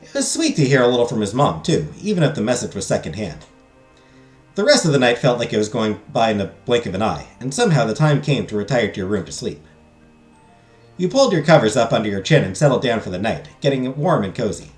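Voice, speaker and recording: A man's voice: mid-range voice, very animated, fast, soft background music. A man streaming a visual novel, reading the story text aloud and dropping crude joking asides. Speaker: game streamer. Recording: echoey room.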